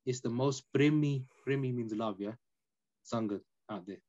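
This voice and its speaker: Man, podcast guest, storytelling, emphatic and chatty, mid-low voice, lo-fi dull recording. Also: moderate pace. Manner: animated, emphatic, peppered with "innit" and "you know". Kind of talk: casual storytelling chat.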